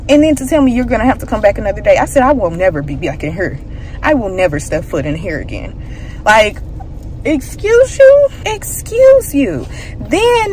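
A young woman vlogger, telling a story in an animated, indignant way that rises sharply in pitch. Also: slight background noise, rough recording. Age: young adult. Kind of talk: casual vlog storytime.

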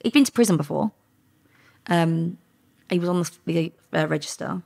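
A woman's voice: fairly low pitch, normal speed, gravelly, a little mellow. A woman, a former undercover police officer, recounting her work bluntly and candidly in an interview. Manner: blunt, candid retelling with frank language. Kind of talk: interview storytelling.

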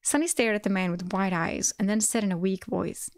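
A woman streaming a live reading of a web novel, breaking off to react with excited exclamations and swearing. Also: medium pitch, fairly quick, creaky, hardly any pauses, no echo, clean studio sound.

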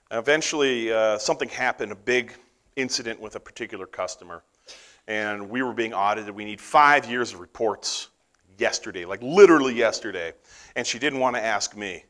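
Middle-aged American man, conference speaker, bright tone, animated storyteller who acts out voices. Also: mid-range voice. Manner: animated storyteller acting out quoted dialogue. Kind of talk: storytelling keynote talk.

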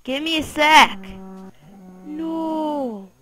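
A woman's voice: a little high, slow, low-quality recording. Foul-mouthed, frustrated young-sounding woman gamer. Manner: foul-mouthed, easily frustrated, yells at game animals. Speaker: gameplay commentator. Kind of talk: casual let's-play commentary.

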